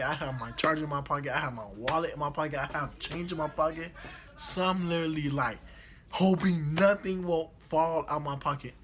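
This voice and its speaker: A young man vlogging, retelling a trip in slangy, animated casual storytelling. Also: on the high side, slight background noise.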